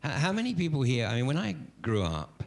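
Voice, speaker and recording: A man's voice: mid-range voice, wildly swooping pitch, a little fast, creaky. Older man rambling through a story. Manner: rambling, anecdotal, with frequent fillers. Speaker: event host and moderator. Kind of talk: casual storytelling on stage.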